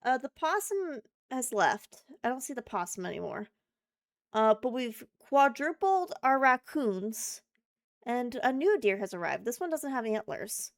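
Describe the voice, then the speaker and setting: A woman's voice: a little high, sing-song, measured pace, no room sound, clean studio sound. A woman streamer chatting casually and thinking aloud while playing a game. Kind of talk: casual live-stream chat while gaming.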